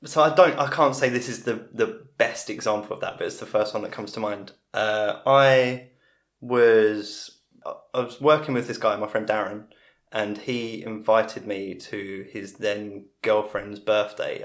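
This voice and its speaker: A man's voice: fairly low pitch, fairly even intonation, a little slow. A man, a comedian guest, telling long rambling stories in casual chat. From England. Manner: rambling storyteller with frequent restarts. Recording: roomy echo.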